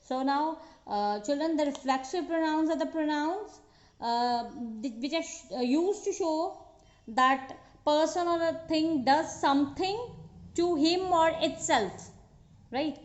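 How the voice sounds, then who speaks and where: A woman teaching a recorded school grammar lesson, slow and patient, with frequent fillers and restarts. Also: high-pitched. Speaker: English teacher. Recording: dull echoey room recording.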